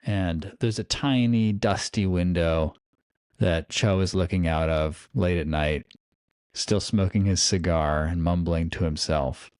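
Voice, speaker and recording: Rambling, low-voiced male game master. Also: unhurried, smooth, no room sound, clean studio sound. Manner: rambling, filler-heavy, animated. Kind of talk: casual chat and game narration.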